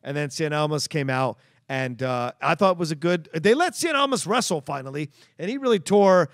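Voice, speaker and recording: Gravelly fast-talking man. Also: fairly high pitch, expressive, no room sound, clean studio sound. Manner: quick, gravelly, jokey banter. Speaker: wrestling podcast co-host. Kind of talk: casual recap chat.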